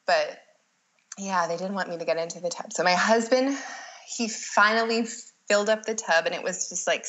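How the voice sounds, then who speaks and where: Animated woman telling her birth story. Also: mid-range voice, poor audio. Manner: lively, acts out her own past lines, frequent "like". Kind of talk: casual storytelling.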